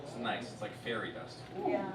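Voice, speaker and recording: A young man from Miami doing a stand-up comedy set, swearing a lot and swinging from muttered asides to loud bursts. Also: on the low side, very animated, fairly quick. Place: large live comedy venue with audience. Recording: roomy, distant live stage recording with loud crowd noise.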